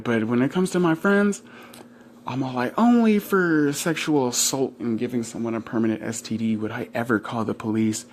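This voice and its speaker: A man's voice: mid-range voice, vocal fry, a little mellow, a little hiss or hum. A young man ranting casually to the camera about his life. He rambles, swears a lot, laughs often and acts out what other people say in put-on voices. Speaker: vlogger.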